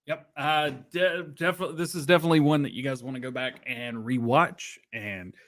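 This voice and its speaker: A man's voice: mid-range voice, fairly even intonation, brisk, a bit bright. A man hosting a podcast in joking, playful casual chat. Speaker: podcast host.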